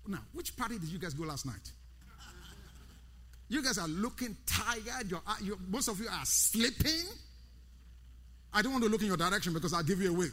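A man's voice: high-pitched, lively intonation, moderate pace, pauses often, sharp tone, a little hiss or hum. A man preaching a sermon, repeating key words with rising emphasis and calling out to his congregation. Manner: calls out to the congregation by name. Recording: long hall reverb.

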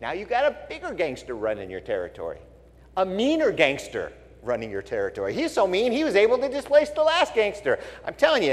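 A male pastor giving a sermon, telling stories bluntly and with wry asides. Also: high-pitched. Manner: blunt, wry, animated storytelling. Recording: long reverb in a large hall.

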